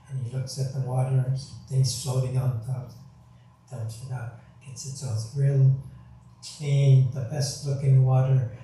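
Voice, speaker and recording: A Buddhist minister giving a gentle, unhurried sermon with a story, pausing often and checking in with his listeners. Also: medium pitch, a little hiss or hum. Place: temple hall. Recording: very echoey hall, mic far off.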